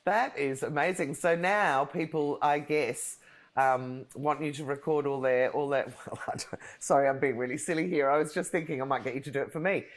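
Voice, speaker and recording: Woman host, deep voice, chatty and eager, quick to laugh. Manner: chatty and enthusiastic, laughs easily. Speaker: podcast host. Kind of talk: casual interview chat.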